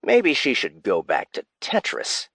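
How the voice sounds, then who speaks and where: A man's voice: medium pitch, huge pitch swings, unhurried, creaky, a bit bright, husky, no room sound, exaggerated voice. An actor voicing a smug, dismissive male company CEO who talks down to his staff with sarcasm. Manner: sarcastic, condescending.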